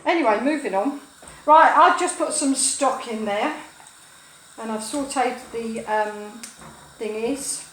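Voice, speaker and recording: A gossipy woman in her sixties with a fairly high voice rambles through stories as she cooks, tripping over her own sayings. She sounds echoey in a kitchen where a pan fries loudly behind her. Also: heavy background noise. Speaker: cooking vlogger. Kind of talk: chatty storytelling while cooking. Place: home kitchen, food sizzling. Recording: echoey kitchen with loud frying.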